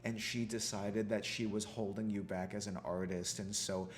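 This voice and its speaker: A man voicing a smooth-talking personal assistant who calmly explains away bad news in a low, quiet voice. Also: normal speed, close to an everyday voice. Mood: calmly evasive.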